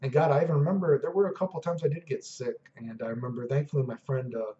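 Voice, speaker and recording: Casual, profane male vlogger, thirties, mellow dark voice, dull echoey room recording. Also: mid-range voice, fairly even intonation, fast talker. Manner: casual, profane, keeps saying "dude" and "you know what I mean". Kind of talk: rambling personal storytelling.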